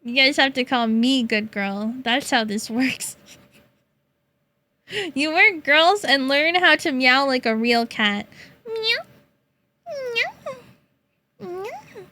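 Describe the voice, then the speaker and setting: A young woman streamer with a high, bright voice talks to her viewers at an unhurried pace. She is playful and teasing, laughing often and slipping into high-pitched meows. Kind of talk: casual chat with chat.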